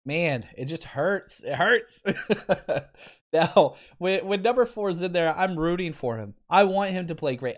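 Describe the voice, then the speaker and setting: A man in his thirties hosting a casual sports podcast, wry and exasperated, laughing often as he talks. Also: a little high. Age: 30s.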